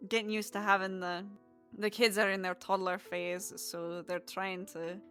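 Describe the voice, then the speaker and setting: A woman's voice: mid-range voice, level tone, a little slow, fairly bright tone, faint music behind, close to an everyday voice. A woman playing a joking tavern friend. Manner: casual, joking. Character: male tavern friend, father of toddlers, easygoing.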